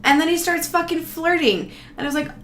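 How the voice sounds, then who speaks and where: A woman's voice: very high-pitched, brisk, fairly bright tone. A woman telling a casual, rambling travel story, profane and sarcastic. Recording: roomy echo, faint background noise.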